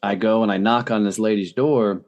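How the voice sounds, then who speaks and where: A man being interviewed as a podcast guest, telling blunt, profane stories in a fast, lively, casual way. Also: fairly low pitch, vocal fry. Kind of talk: casual storytelling.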